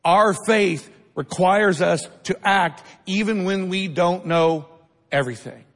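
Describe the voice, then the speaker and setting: High-voiced preacher in a reverberant hall. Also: male voice, slow. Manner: keeps asking the congregation "right?"; emphatic, builds up to shouted lines. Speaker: pastor. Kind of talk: sermon. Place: church sanctuary. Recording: long reverb of a large hall.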